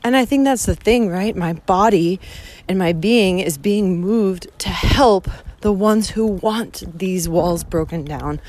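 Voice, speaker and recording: This young vlogger records herself on a phone as she heads to a train station on foot. She talks slowly in a mid-range, somewhat mellow voice, open and emotional, with frequent swearing.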